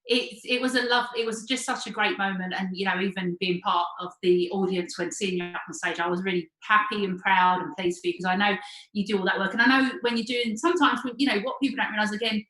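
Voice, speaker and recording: In an echoey room, a woman with a mid-range, fairly even voice hosts a casual interview. She talks fast with a slightly bright tone, encouraging her guest while using lots of fillers and frequently restarting her sentences.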